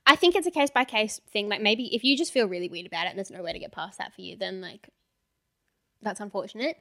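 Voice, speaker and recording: A young Australian woman co-hosting a casual podcast, bubbly and quick to laugh as she gives advice. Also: medium pitch, fairly bright tone. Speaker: podcast co-host. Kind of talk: casual chat.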